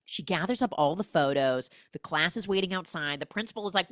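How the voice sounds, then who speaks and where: A young adult woman hosting a casual, comedic film recap podcast, acting out the characters' lines in quick, exaggerated voices. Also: on the low side, lively intonation, a bit bright, dry recording, clean studio sound.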